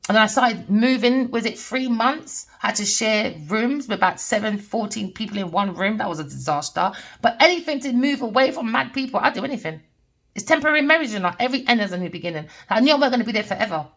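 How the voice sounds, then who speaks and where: A woman's voice: mid-range voice, gravelly, fairly bright tone. A middle-aged woman, a tarot reader delivering a heated, blunt personal rant with swearing. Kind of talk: ranting personal monologue.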